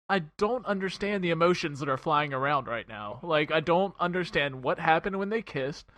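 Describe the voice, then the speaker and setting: A man's voice: fairly high pitch, sharp tone, no echo. A man co-hosting a film podcast in casual chat, sarcastic and swearing, mimicking movie lines as he goes. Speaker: podcast co-host.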